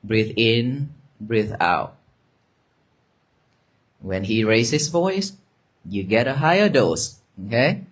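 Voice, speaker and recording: Male monk, mid pitch, very slow and gentle meditation guidance in a dharma talk. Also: animated. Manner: slow, gentle, repetitive guiding cues, soft at times. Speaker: Buddhist monk teaching meditation. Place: monastery gathering with an audience.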